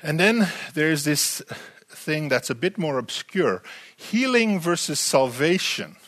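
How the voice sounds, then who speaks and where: An animated man delivers a sermon, his slightly high voice swinging widely between high and low. He keeps putting rhetorical questions to his listeners and often repeats a word before pressing on. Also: slow pace. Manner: frequent repeated words and restarts. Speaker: preacher.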